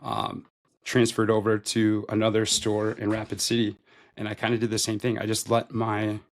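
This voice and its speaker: Appearing as a podcast guest, a retail store manager in his thirties tells his own story loosely and ramblingly, leaning heavily on "like." He speaks at normal speed in a low, monotone voice with a gravelly, creaky edge.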